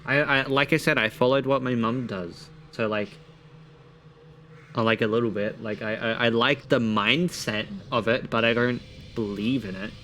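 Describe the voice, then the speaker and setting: A man's voice: medium pitch, steady tone, moderate pace, a bit bright, slight background noise. A man streaming live, reading quiz questions aloud and answering them in a casual, swearing way.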